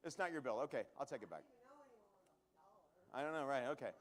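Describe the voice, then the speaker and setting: Onstage in a showroom, a man runs a live comedy magic act, chatting with the audience and cracking jokes between tricks. His mid-range voice is animated, full of quick asides.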